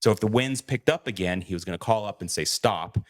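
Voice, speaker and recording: A man's voice: fairly low pitch, a little fast. A man co-hosting a podcast, telling a story in a casual way, acting out quoted lines and swearing freely. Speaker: podcast co-host.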